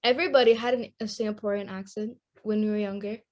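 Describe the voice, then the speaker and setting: A woman's voice: medium pitch, steady tone, fast. A teenage girl from Indonesia co-hosting a casual podcast chat, rambling and laughing often. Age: teens. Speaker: podcast co-host.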